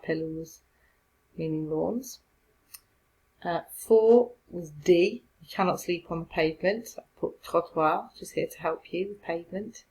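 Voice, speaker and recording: A woman's voice: lowish voice, low-quality recording. A woman, a French teacher explaining step by step in a recorded remote lesson, encouraging her pupils.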